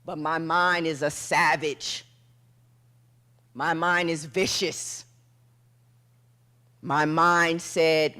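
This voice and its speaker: A woman giving a motivational keynote speech on stage, telling a dramatic story in short punchy phrases and dropping to a hush at tense moments. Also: low voice, level tone, very slow, pauses often, clear, resonant tone. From United States. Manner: acts out quoted voices, drops to a hush for tense moments. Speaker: motivational speaker. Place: event stage before an audience.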